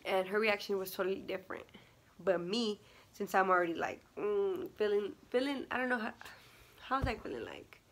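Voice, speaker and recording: A woman's voice: medium pitch, animated, normal speed, slight background noise. A young woman vlogging casually, chatty and full of fillers, acting out what people said. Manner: chatty, many fillers and laughs, acts out quotes. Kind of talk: casual storytime vlog.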